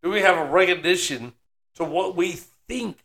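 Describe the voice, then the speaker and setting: A man's voice: sits high, normal speed, gravelly, bright, forceful tone. A man co-hosting a casual chat, musing philosophically and laughing easily. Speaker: podcast co-host. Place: Texas.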